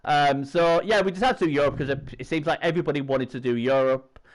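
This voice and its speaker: A man's voice: on the high side, fast talker. A man, hosting a stream in rambling, chatty banter. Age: 40s. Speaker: stream host. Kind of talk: casual chat.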